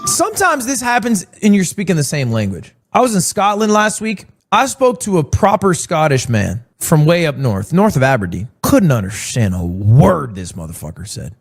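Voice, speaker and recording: Animated high-voiced young man. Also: moderate pace, few pauses, faint music behind. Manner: animated storytelling with mock quotes. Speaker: streamer. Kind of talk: casual chat.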